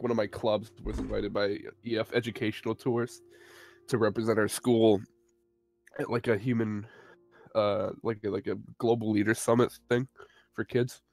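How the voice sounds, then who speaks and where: A man's voice: on the low side, gravelly, a little mellow. A young man rambling through a story in casual chat, swearing often and poking fun at himself. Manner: rambling, swears a lot, self-mocking. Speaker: co-host of a live stream.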